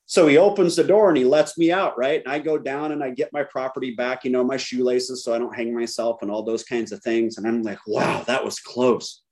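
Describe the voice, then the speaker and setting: A man's voice: mid-range voice, fairly even intonation, brisk, few pauses, a little mellow. A middle-aged man giving a candid personal recovery talk to a group, telling his story with self-deprecating humor. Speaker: recovery speaker.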